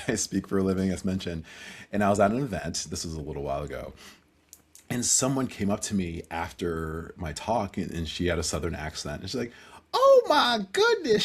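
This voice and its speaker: A man's voice: low voice, fairly quick, husky. A man who is a professional speaker, telling stories earnestly as a guest in a casual podcast conversation. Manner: animated storyteller, earnest.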